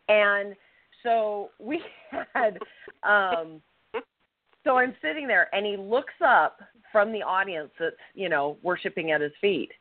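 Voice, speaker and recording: A woman's voice: fairly low pitch, no echo. Woman telling a story over a tinny line. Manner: animated storyteller, acts out quotes. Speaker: podcast co-host. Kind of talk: casual storytelling. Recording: tinny phone-line sound, dry.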